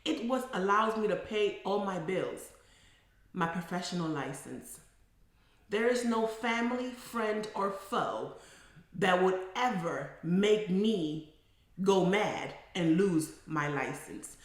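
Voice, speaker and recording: A middle-aged psychotherapist tells a story in a casual monologue, emphatic and animated, building up to forceful declarations. Her voice is mid-range and she takes it slowly, recorded in a very echoey room.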